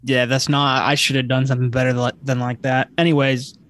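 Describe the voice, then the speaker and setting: A man's voice: mid-range voice, level tone, brisk, a bit bright. A man co-hosting a casual podcast chat, laughing easily and poking fun at himself. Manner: laughs easily, self-deprecating. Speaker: podcast co-host.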